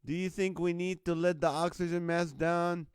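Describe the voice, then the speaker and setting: A man's voice: high-pitched, fairly even intonation, normal speed, clear, resonant tone, dry recording, clean studio sound. A man hosting a live stream, reading out viewers' jokes and laughing often between lines. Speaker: host.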